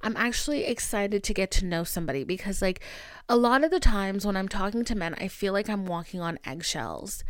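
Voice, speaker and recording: A young woman hosting a podcast in casual chat, animated and swearing freely as she acts out conversations. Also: mid-range voice, a little fast, no room sound, studio quality. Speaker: podcast host.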